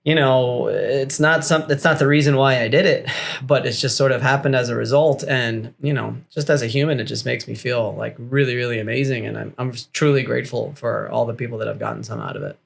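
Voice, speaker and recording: Man, podcast guest, middle-pitched voice, candid, rambling, swears casually. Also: brisk, creaky. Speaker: guest, business coach.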